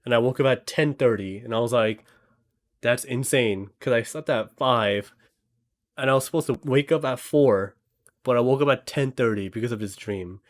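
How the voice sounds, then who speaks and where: A man's voice: mid-range voice, brisk. A young man in casual chat, telling a dream with lots of fillers and acted quotes. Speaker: storyteller.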